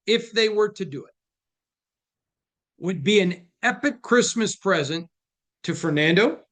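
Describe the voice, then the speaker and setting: A man's voice: sits high, fairly bright tone. A man hosting a casual sports talk show, answering viewer questions in an emphatic, joking manner. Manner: emphatic, preachy, quick to joke. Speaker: host.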